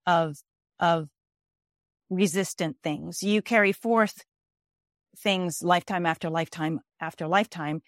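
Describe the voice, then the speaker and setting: A life coach and author, interviewed as a guest, explains her ideas with emphatic, repeated phrases and frequent restarts. Her lowish voice keeps a measured pace with frequent pauses, and the sound is dry, clean studio audio.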